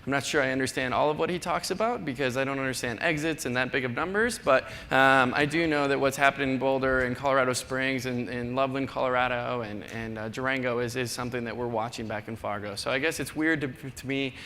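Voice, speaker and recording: Conference speaker, man in his 30s, bright tone, faint background noise, casual and self-mocking. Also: fast, few pauses. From North Dakota, USA. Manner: chatty, self-deprecating, acts out quoted people in a higher voice. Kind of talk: keynote talk. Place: large conference hall. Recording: long hall reverb, faint noise.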